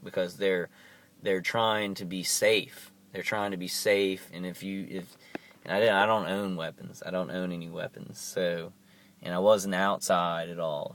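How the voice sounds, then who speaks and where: A man speaks into his camera at home in a deep, level voice that barely rises or falls. He talks in a halting, earnest way, circling back and repeating phrases as he goes. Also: level tone, a little hiss or hum. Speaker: vlogger. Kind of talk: casual monologue to camera. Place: at home, indoors.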